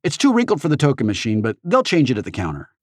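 A man's voice: on the high side, big pitch swings, a little slow, dry recording, studio quality, voice pushed up, exaggerated voice. A man voicing a nervous, lovestruck teenage boy who stammers and talks awkwardly and eagerly in an audiobook. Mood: impatient.

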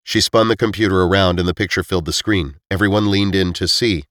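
A man narrating an audiobook with expressive storytelling. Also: sits low, brisk, no echo, studio quality.

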